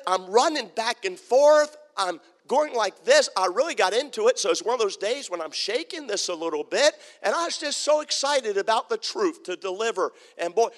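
The setting is a church sanctuary, a large hall, where a man whose voice sits high is preaching a sermon. He's a pastor telling animated, humorous stories and playing out the people's quoted lines.

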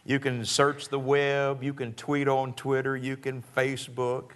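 A man's voice: mid-range voice, completely flat delivery, unhurried, fairly bright tone. A man preaching a sermon in a church service, folksy and joking, often chuckling as he talks.

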